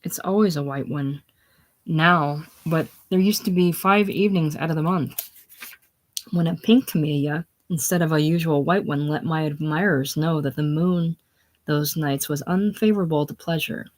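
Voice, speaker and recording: A woman reading faded weary courtesan, plaintive, low-pitched, play reading. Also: normal speed, natural voice.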